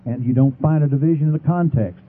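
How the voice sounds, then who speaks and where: A man making a formal debate argument, reading scripture passages aloud and slowing down to stress key words. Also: a little high. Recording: tinny phone-like sound with faint noise.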